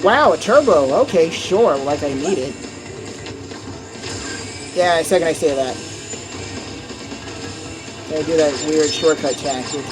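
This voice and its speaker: An excitable young man giving casual, chatty commentary while playing a racing game, cursing at mishaps. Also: on the high side, unhurried, long pauses. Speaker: gameplay commentator. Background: game music.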